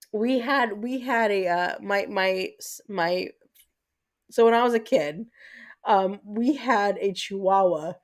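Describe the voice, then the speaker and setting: A woman in her thirties hosting a livestream, chatting casually with her viewers, rambling and cursing, with lots of fillers and restarts. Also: medium pitch. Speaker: livestream host.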